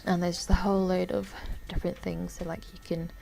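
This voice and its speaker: A tired woman giving casual, rambling commentary while walking through a game, often unsure and filling pauses. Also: fairly low pitch, little pitch movement, creaky, darkish tone. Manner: rambling, unsure, lots of fillers. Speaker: gamer.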